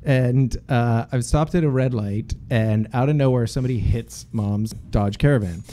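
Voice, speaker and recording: A man's voice: medium pitch, normal speed, a little hiss or hum. A man from Boston, a podcast co-host telling stories in a casual chat and putting on voices for the people in them. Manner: animated, puts on voices in his stories.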